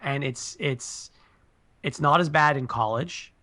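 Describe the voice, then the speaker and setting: A man co-hosts a relaxed sports podcast with a slightly high voice. He lays out his gripes earnestly and at length, in an easy conversational way. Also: takes it slowly. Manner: earnest, explains his pet peeves at length. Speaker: podcast co-host. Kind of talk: casual sports chat.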